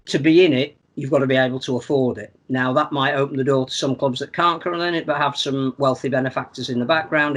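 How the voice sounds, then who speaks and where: A man giving measured, analytical opinions on a sports podcast, often repeating words as he thinks. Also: medium pitch, a bit bright. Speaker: podcast pundit. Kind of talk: casual sports podcast chat.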